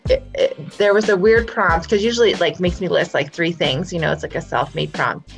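A woman's voice: on the low side, fairly quick, creaky, soft background music. A woman hosting a live podcast over a video call, gushing with effusive praise in casual chat. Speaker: podcast host.

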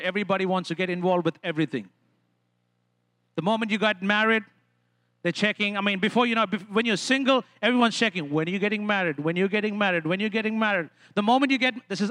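A man's voice: sits high, bright, forceful tone, dry recording. A man from India preaching a sermon and calling out for responses from the congregation. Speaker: pastor.

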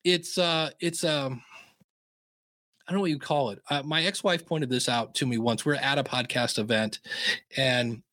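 A man's voice: medium pitch, normal speed, bright, forceful tone, dry recording. A middle-aged man, a podcaster being interviewed, telling stories in a rambling, self-deprecating way with many restarts. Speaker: podcaster guest. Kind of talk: casual interview storytelling.

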